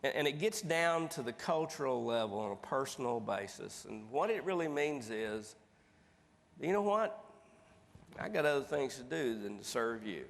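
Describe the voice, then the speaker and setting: Male motivational speaker, animated folksy storyteller, onstage in a big reverberant hall. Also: medium pitch, moderate pace, vocal fry. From East Tennessee. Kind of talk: storytelling keynote speech. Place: large conference hall stage.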